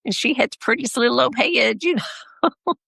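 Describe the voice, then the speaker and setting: A woman's voice: on the high side, normal speed, creaky, a bit bright, slightly rough, dry recording. A woman, a mother and podcast guest, telling a personal story in a rambling, heartfelt way with self-corrections.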